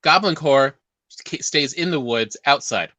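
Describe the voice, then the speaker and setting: A woman chats casually as a podcast co-host, often pausing to hunt for the right word. Her tone is bright and forward. It is recorded dry and close. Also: deep voice, lively intonation, dry recording. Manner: hesitant, searching for words. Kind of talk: casual chat.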